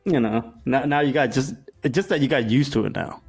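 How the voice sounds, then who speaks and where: A man's voice: medium pitch, a little fast, breathy edge, faint music behind. A man in a casual podcast chat, playfully defending himself against teasing.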